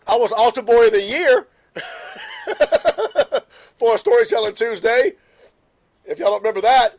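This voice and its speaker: Speaking at a measured pace, a middle-aged man runs an easygoing morning live stream in a voice pitched high for a man. Laughter keeps breaking through as he welcomes viewers by name.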